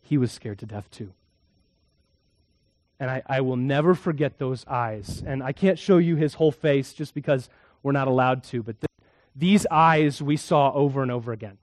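A man preaching a sermon as a pastor, telling a story and shifting from hushed, quiet moments to loud, emphatic ones. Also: medium pitch, normal speed, dry recording.

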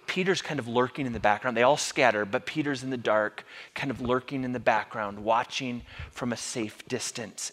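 Bright-voiced storytelling preacher man. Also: mid-range voice. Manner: conversational, dramatic storytelling. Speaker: pastor. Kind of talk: sermon.

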